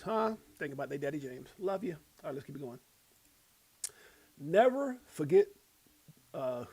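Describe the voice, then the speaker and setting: A man's voice: a little high, a little mellow. A middle-aged man hosting a casual livestream, rambling, chuckling often and reading posts aloud. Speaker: crypto livestream host.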